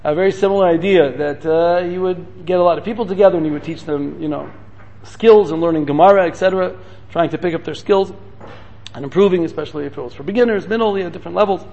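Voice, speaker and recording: A man giving a storytelling sermon as a guest speaker, talking in rapid, repetitive bursts sprinkled with Hebrew terms. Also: sits high, a little mellow, muffled recording.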